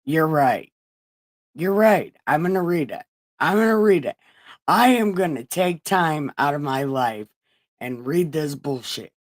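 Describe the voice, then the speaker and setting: A woman's voice: low-pitched, expressive, a little slow. A woman hosting a casual livestream Bible reading, swearing and laughing as she chats with her viewers. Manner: crude, swearing, laughing asides, chatting to viewers. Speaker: livestream host.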